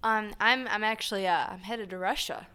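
A woman voicing a saiga antelope, speaking in her own plain voice with halting pauses. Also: medium pitch, noisy background, natural voice. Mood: hesitant.

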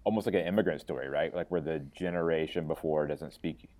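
A man from Florida with an extremely deep voice chats on a podcast. He slips in wry jokes and then muses out loud, looping in with "like" and "right". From Florida, USA. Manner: wry, quick with jokes, musing. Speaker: podcast co-host. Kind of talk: casual podcast chat.

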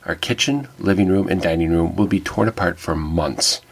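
A man's voice: low-pitched, normal speed, creaky, breathy edge. A middle-aged man giving an earnest, wry personal reflection that turns to faith. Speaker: devotional speaker.

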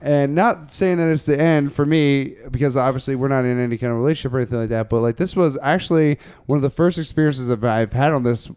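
A man's voice: mid-range voice, fast talker, few pauses, a little mellow, clean tone, dry recording, clean studio sound. A young man chatting casually, rambling with many restarts and fillers. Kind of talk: casual chat.

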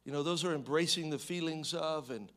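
A man preaching a sermon in a fairly high voice. He moves between loud, emphatic bursts and hushed, low reading, with casual asides and restarts along the way. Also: fairly quick.

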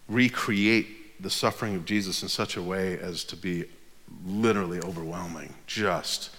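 A male pastor preaching a sermon, moving between hushed, whispered passages and loud, fervent preaching. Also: sits low, big-room sound.

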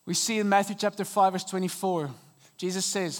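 A man preaching a sermon from a church stage into a microphone, earnest and dynamic, with sudden soft drops and emphatic rises. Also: high-pitched, fairly even intonation, brisk. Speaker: pastor. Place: church auditorium.

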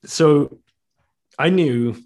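A man's voice: fairly high pitch, very slow, darkish tone. Reflective middle-aged man telling his story. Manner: reflective, with frequent restarts and laughs. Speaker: guest, author and podcast host. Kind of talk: candid conversational storytelling.

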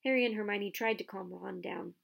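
A woman reading a children's novel aloud with expressive storytelling. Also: medium pitch, fairly quick, creaky.

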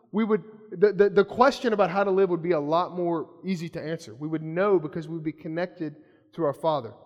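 A male pastor preaching a sermon in a lively, conversational storytelling manner. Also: sits high. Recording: long hall reverb.

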